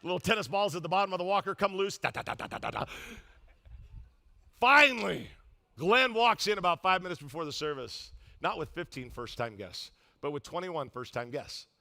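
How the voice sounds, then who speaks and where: A man's voice: high-pitched, expressive, fairly quick, bright, forceful tone. A middle-aged male pastor preaching a sermon, telling a comic story with quoted voices.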